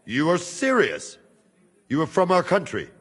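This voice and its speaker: An actor playing a steady, loyal guard who speaks in a calm, firm, measured way. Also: male voice, on the high side, breathy edge, long reverb tail, full character voice. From Hungary.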